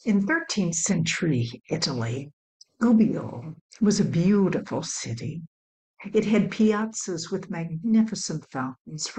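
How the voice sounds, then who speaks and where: A professional storyteller from Illinois, a woman telling a legend in a measured, dramatic way. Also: lowish voice, darkish tone, low-quality recording. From Illinois, USA.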